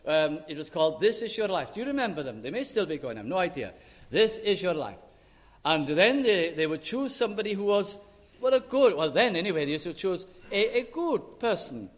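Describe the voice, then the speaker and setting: A man preaching a sermon, earnest and emphatic, with dramatic pauses. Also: high-pitched, fairly bright tone. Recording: long hall reverb.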